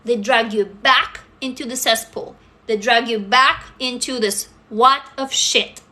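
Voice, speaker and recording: A woman's voice: fairly high pitch, a little slow, sharp tone. A woman, talking bluntly and emphatically to viewers on a livestream, swearing freely. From Russia. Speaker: livestream host answering viewers. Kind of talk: casual livestream chat.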